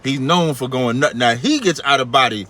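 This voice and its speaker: A man with a New York accent hosting a call-in radio show, telling a long story in casual talk and acting out the people in it. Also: moderate pace. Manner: animated, acts out quoted people in a much higher voice.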